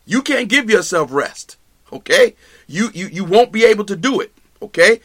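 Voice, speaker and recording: Male Bible teacher, higher voice, emphatic, repeats and restarts phrases, live study teaching. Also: expressive, normal speed, a bit bright. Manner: addresses listeners directly with "okay?".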